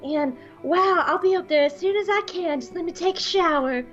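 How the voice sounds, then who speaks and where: A woman's voice: very high voice, normal speed, fairly bright tone, muffled recording, faint music behind, voice pushed up. A woman voicing an eager young male country-boy soldier with a gushing, folksy manner.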